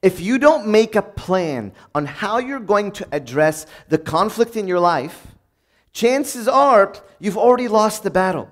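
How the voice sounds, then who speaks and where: A man preaching a sermon in a conversational way, reading from old sayings and acting out everyday moments in a bright, upbeat voice. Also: high voice, lively intonation, measured pace.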